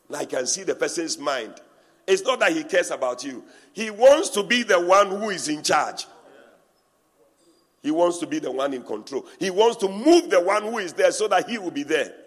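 A man preaching a sermon, animated and teasing, breaking into laughter and acting out what people say. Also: a little high, moderate pace, breathy edge. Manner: animated preaching with laughter and mimicry of church talk. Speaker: pastor. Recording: reverberant hall.

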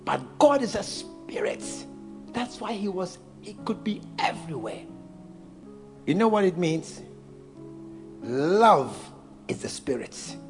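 A man's voice: sits high, big pitch swings, slow pace, long pauses, faint music behind. A man preaching a playful, storytelling sermon, laughing as he goes.

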